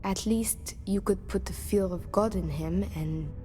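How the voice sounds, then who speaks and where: An actress with a French accent playing a worried woman who wants to patch things up, speaking in an earnest, measured way. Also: mid-range voice, warm tone, faint music behind, natural voice. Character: worried woman seeking a reconciliation.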